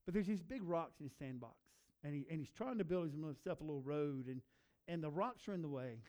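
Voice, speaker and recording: A man preaching a sermon with earnest conviction, stacking up emphatic repeated phrases. His voice sits a bit high, with a warm, mellow tone. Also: animated, brisk. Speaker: pastor.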